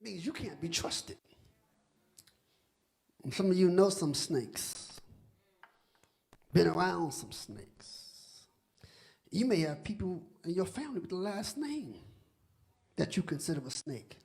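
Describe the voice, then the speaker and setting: A man preaching a sermon as pastor, joking with the congregation and building from quiet talk to shouting, often repeating words. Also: high voice, very animated, measured pace, creaky, long pauses. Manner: conversational preaching that rises to shouting, with stammered repeats; humorous, teasing the congregation.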